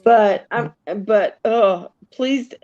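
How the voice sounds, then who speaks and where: A woman from Missouri chatting casually, telling long, unhurried stories. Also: a little high, darkish tone, highs cut off. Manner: slow, drawn-out storytelling. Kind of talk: casual live chat.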